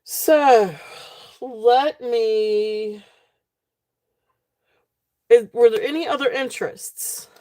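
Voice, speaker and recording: A woman hosting a live jewelry sale stream, talking casually with many fillers and a relaxed, tired manner. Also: fairly high pitch, drawn-out words, long pauses, dry recording, studio quality.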